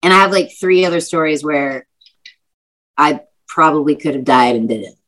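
A woman's voice: sits low, moderate pace, fairly bright tone, poor audio. A young woman, an actress and singer, telling stories in a casual chatty interview, full of fillers and vivid retelling.

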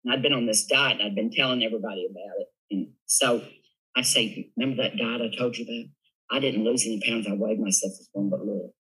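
An older man with a Southern US accent, telling lively, animated stories as a guest on an interview show. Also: fairly low pitch, quick pace, husky, poor audio. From Southern United States. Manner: lively storyteller, animated, laughs often. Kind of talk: casual storytelling interview.

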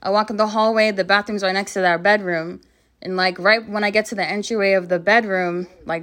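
A woman's voice: mid-range voice, a bit bright. Woman telling a creepy family story. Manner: rambling, many "like"s, quoting family members. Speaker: guest storyteller. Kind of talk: casual ghost story telling.

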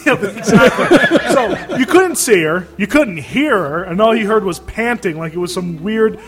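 A man telling a comedy story on a casual podcast, laughing often and breaking into loud silly voices. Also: sits high, expressive, moderate pace. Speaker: podcast co-host.

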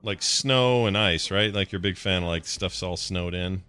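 A man co-hosting a live stream, chatting casually and excitably as he reacts to game trailers. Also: sits low, normal speed, smooth. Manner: excitable, jokey, lively intonation. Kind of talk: casual chat.

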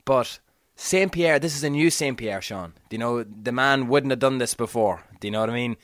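A man's voice: mid-range voice, normal speed, fairly bright tone, no echo, studio quality. A man co-hosting a sports podcast, making his case emphatically and often asking whether he is understood. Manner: emphatic, keeps asking "do you know what I mean". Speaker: podcast co-host. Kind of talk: casual sports podcast chat.

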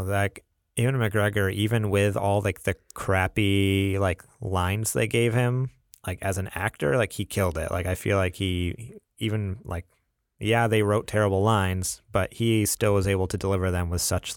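A man's voice: fairly low pitch, no echo, studio quality. A young man co-hosting a podcast in casual chat, rambling with lots of fillers. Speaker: podcast co-host.

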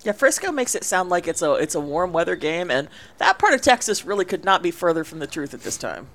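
A woman co-hosting a casual chat, quick-witted and slipping into mock-announcer bits. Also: lowish voice, very animated, fairly bright tone. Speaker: co-host.

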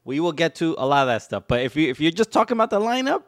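A man hosting a casual sports podcast, lively and laughing easily, on a studio mic. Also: a little high, very fast, no room sound. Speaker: podcast host.

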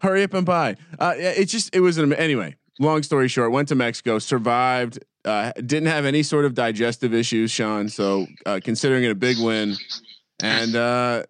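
A man's voice: mid-range voice, moderate pace, smooth, dry recording, clean studio sound. A middle-aged man co-hosting a casual sports podcast, telling rambling stories with lots of restarts and cursing. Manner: rambling storyteller with many restarts, swears freely. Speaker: podcast co-host.

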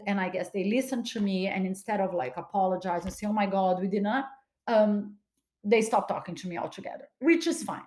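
A woman podcast host telling a personal story in a casual, animated way, acting out what people said. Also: mid-range voice. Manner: animated, dramatic retelling with quoted voices. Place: home studio, California.

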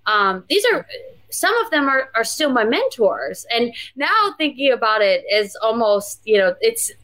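A woman's voice: fairly high pitch, very animated, a little slow, fairly bright tone, no room sound, rough recording. A woman guest on a podcast, reflecting in casual interview chat with frequent restarts and fillers. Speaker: podcast guest, pro wrestler.

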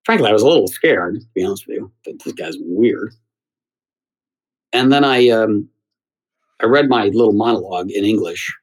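A middle-aged man from the United States tells stories in an animated, chatty way. He often repeats words and quotes himself. His voice sits low and has a husky, slightly breathy grain. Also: fairly quick, low-quality recording. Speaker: theater critic and guest. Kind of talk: anecdotal storytelling in conversation.

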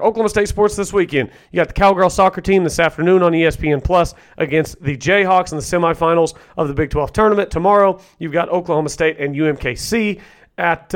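Fast-talking sports podcast host, man. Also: fairly high pitch, smooth. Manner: confident, rapid-fire predictions. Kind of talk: solo sports podcast, game picks.

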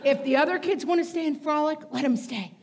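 A woman's voice: high-pitched, fast. A woman co-hosting a comedy podcast live on stage, emphatic and exasperated, laughing often. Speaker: podcast co-host. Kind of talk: comedic live show banter. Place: theater stage before a live audience. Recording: live stage recording with audience noise.

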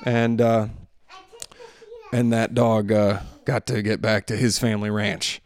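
A man's voice: fairly low pitch, flat delivery, a little slow, darkish tone. A man in his thirties or forties, a podcast host and father, telling a story in a loose, rambling way with lots of fillers and restarts, recorded in a bedroom on a handheld mic. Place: bedroom at home. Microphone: handheld microphone.

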